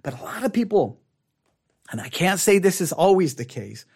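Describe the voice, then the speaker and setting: A man teaching a Bible study method in a casual, animated way, repeating phrases for emphasis and adding playful asides. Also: sits high, moderate pace, gravelly, breathy edge.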